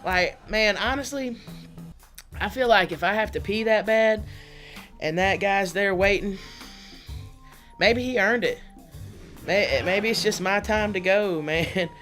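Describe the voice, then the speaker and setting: Woman comic, animated rambling delivery, faint music underneath. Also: medium pitch, slow, long pauses. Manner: animated, chatty, laughing often. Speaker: stand-up comedian. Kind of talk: stand-up comedy set. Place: studio under lights.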